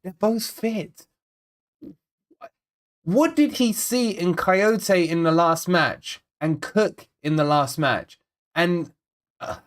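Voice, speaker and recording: Reading chat messages aloud during a live football watch-along, a fan channel host frets over his team, rambling and circling back to the same points as he talks casually with viewers. His voice is fairly high and fairly bright.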